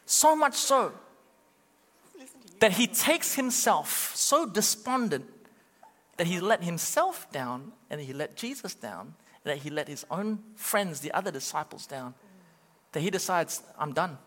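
A man's voice: sits high, measured pace, long reverb tail. A male pastor preaching a sermon, urging the congregation on and acting out quotes. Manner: animated, urging the crowd, acts out quotes.

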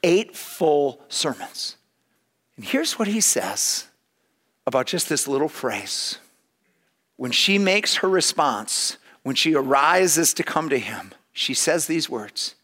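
A man preaching a sermon, swelling loudly on key words and dropping to near-whispers, reading quoted passages with rising fervor. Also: mid-range voice, expressive, a little slow.

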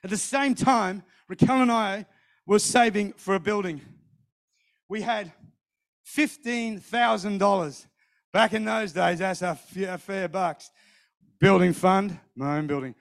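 Telling a personal story from the pulpit, a middle-aged preacher becomes animated, voicing what others said and repeating phrases. He speaks a little slowly in a high voice with vocal fry.

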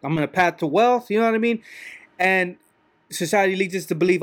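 A man's voice: sits high, fairly quick. A man, a truck driver, talking in a rambling, casual monologue, often repeating "you know what I mean".

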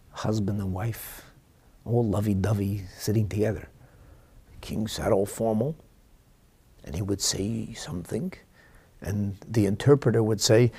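A man teaching a Talmud class, who swings from loud dramatic exclamations to hushed whispers. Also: lowish voice, slightly rough.

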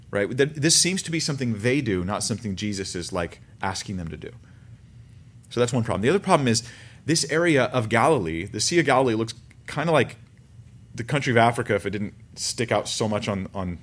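A man preaching a sermon in a conversational teaching style, with animated asides. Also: on the low side. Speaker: pastor.

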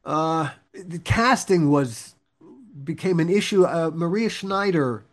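A man's voice: on the high side, expressive, takes it slowly. A man hosting a podcast interview, chatting casually, laughing often, with stop-start restarts. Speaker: podcast host.

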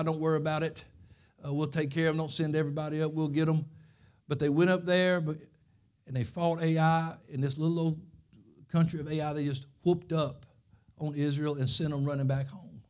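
A pastor preaching a sermon, telling stories and driving points home with repeated phrases. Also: male voice, on the high side.

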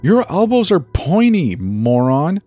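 A man's voice: medium pitch, very animated, moderate pace, breathy edge, faint music behind, voice pushed up. A man voicing a snappy, mouthy teenage boy who hisses and snaps back in a spoken horror story. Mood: indignant. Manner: snapping, hissing retorts.

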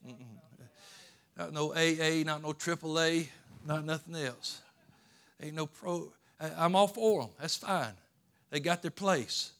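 A man preaching to his church, his voice high and bright as he moves from quiet, folksy asides into loud, pleading cries. He talks plainly, with ain't and gonna, and calls his congregation to clap and shout. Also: a little slow. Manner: folksy Southern-style grammar like ain't and gonna. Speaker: pastor. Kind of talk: sermon. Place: church sanctuary.

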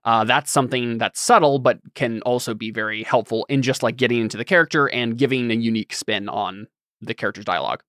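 A man's voice: mid-range voice, quick pace, fairly bright tone, no room sound, studio quality. A man hosting a casual podcast chat, easygoing and affirming, with frequent fillers. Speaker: podcast host.

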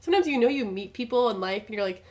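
A woman's voice: fairly high pitch, expressive, racing, a little mellow. A young woman co-hosting a podcast, chatting in a bubbly, gushing way with lots of fillers. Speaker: podcast co-host. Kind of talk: casual chat.

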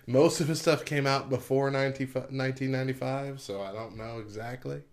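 A man co-hosting a podcast in casual chat, easygoing and quick to laugh. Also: mid-range voice, steady tone. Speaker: podcast co-host.

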